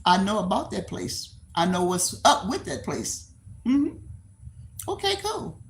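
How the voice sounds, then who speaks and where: Hosting a livestream, an older woman from Texas chats with her viewers in a Texan accent, rambling, repeating herself, laughing readily and answering comments out loud. Her medium-pitched voice is gravelly and sing-song at a measured pace, with slight background noise.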